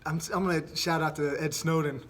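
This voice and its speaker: Laid-back podcast host, a bit high-voiced. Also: male voice, fairly even intonation, fairly quick, slight background noise. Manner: rambling, laid-back, many fillers. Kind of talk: casual podcast chat.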